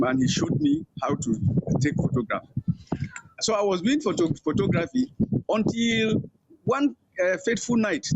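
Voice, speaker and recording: An older man with a Nigerian accent, an interview guest telling long stories and acting out the voices of people he quotes. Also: gravelly. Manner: animated storyteller, acting out quoted voices with higher pitch. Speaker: interview guest, veteran journalist. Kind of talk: storytelling interview. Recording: dull, muffled sound.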